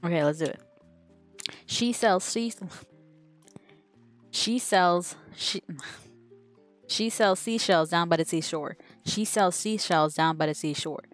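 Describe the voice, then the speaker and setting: A woman's voice: lowish voice, slow, pauses often, soft background music. A woman game streamer chatting casually on a live stream, giggling as she stumbles over a tongue twister. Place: home streaming setup.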